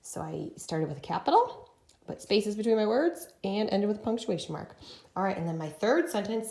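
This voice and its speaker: A woman's voice: medium pitch, lively intonation, creaky, warm tone. Encouraging woman teaching early writing, echoey. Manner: slow and encouraging, sounding out words. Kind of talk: early-grade writing lesson. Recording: echoey room.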